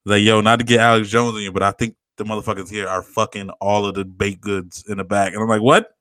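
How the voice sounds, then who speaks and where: A man's voice: on the low side, flat delivery, fast, fairly bright tone, no room sound. A young man co-hosting a podcast, rambling through a story in casual chat, laughing and swearing a lot. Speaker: podcast co-host.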